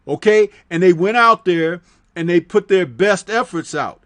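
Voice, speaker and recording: High-voiced man lecturing about the old days. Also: animated, measured pace, fairly bright tone. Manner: emphatic, lecturing, rhetorical questions. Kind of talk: casual boxing talk.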